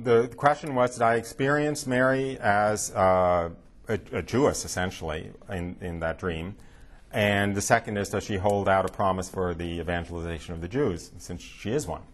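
A man with a somewhat low, husky voice tells a story to an audience. He hesitates often with fillers and restarts, then livens up when he quotes other people. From United States. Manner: hesitant, many fillers, animated quoting. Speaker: speaker at a talk. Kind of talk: storytelling talk with Q&A.

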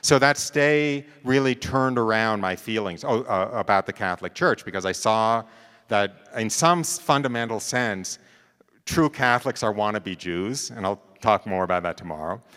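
A man's voice: on the low side, expressive, normal speed, fairly bright tone, clear, resonant tone, in a large hall. A man giving a talk, telling a personal story in a conversational way and often checking in with his listeners. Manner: conversational, checks in with "right?" and "you know".

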